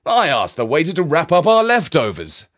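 A man's voice: on the high side, huge pitch swings, normal speed, a bit bright, voice pushed up. A man playing a blunt, teasing uncle in a children's audio story, his tone matter-of-fact. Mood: cheerful.

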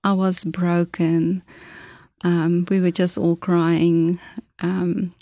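A middle-aged woman, telling her personal story as an interview guest, emotional and halting, with many restarts. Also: fairly low pitch, flat delivery, mellow, dry recording, studio quality. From South Africa. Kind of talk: personal testimony in conversation.

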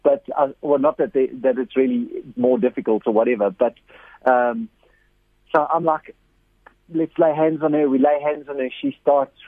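A man's voice: mid-range voice, normal speed, no room sound. A man, a missionary guest telling stories with lots of energy and repeated words. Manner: animated storyteller, repeats words often, acts out quotes with a raised voice. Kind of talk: storytelling interview. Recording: tinny phone line.

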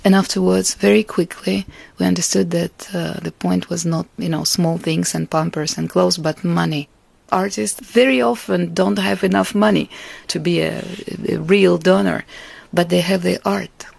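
A woman from Russia, a Russian native speaker, giving an interview about her life and art in an earnest, reflective way, with soft laughs between thoughts. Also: on the low side, steady tone, moderate pace, creaky, husky, dry recording. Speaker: artist and interviewee. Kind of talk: interview answers.

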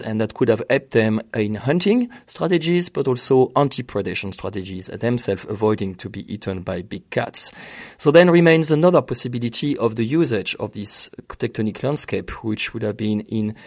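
A man's voice: medium pitch, animated, moderate pace, dry recording, clean studio sound. A man being interviewed as a researcher, explaining carefully with slightly non-native phrasing. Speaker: researcher guest. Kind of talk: interview answers.

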